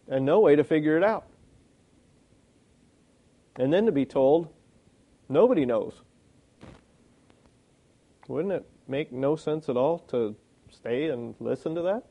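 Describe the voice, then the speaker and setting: Mellow-voiced man preaching conversationally. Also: a little high. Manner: plain conversational preaching with rhetorical questions. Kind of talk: sermon.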